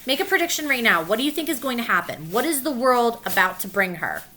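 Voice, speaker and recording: A woman teacher reading a picture book aloud to children, gently pausing to ask questions and spelling letters out slowly. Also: on the high side, sing-song, slight background noise.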